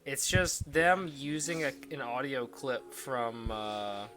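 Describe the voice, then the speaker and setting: A man's voice: medium pitch, steady tone, takes it slowly, a bit bright. A man streaming a game, chatting casually with friends and making dry, sarcastic remarks. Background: game music.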